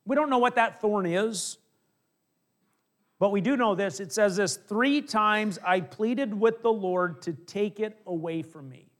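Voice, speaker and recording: A middle-aged male pastor preaching a conversational sermon, acting out little asides and dropping from emphatic to hushed. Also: sits high, unhurried.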